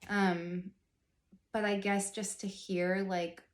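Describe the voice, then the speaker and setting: A woman's voice: medium pitch, level tone, takes it slowly. 30s woman vlogging about her faith, chatty and earnest, lots of "like", bit of room echo. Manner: chatty, rambling, heavy use of "like", earnest. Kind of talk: casual personal storytelling.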